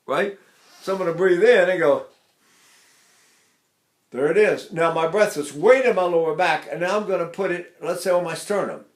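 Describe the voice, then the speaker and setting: Older male singing teacher, rambling lesson voice with sung demos, slightly high, echoey room. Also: lively intonation, moderate pace, fairly bright tone. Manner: rambling, chatty, breaks into sung vowel demonstrations. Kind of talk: vocal technique lesson with sung demonstrations.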